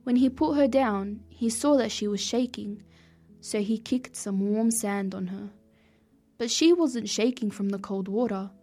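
A woman narrating a children's storybook in a gentle, steady read-aloud way. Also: mid-range voice, unhurried. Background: faint music.

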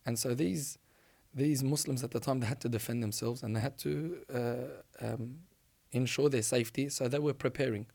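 A man preaching, telling a religious story in an animated, emphatic way and often restarting his sentences. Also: medium pitch, normal speed, vocal fry.

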